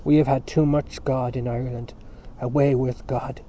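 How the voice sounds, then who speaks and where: A man playing a fervent, bitter middle-aged man who shouts hoarsely and passionately. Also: mid-range voice, flat delivery, a little fast, a little hiss or hum, lightly acted. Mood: furious. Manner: loud, impassioned, hoarse shouting. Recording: dull lo-fi recording.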